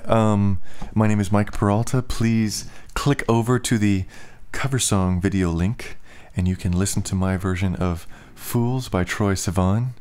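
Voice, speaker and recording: Low-voiced man slurring a little. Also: darkish tone, smooth. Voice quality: slightly slurred speech. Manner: loose, filler-heavy talk with "like". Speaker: musician and vlogger. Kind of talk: casual rambling vlog chat.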